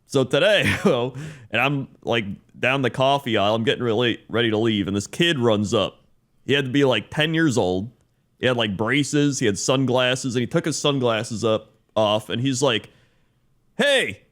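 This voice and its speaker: A man's voice: mid-range voice, normal speed, fairly bright tone. A man co-hosting a podcast in casual chat, telling a rambling story and chuckling often. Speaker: podcast co-host.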